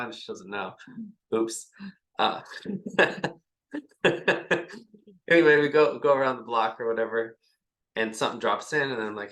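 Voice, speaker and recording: A man's voice: mid-range voice, animated, normal speed, bright, forceful tone. A man as a podcast guest, talking loosely and rambling, acting out little bits of dialogue between himself and his partner. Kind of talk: casual conversation. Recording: echoey room.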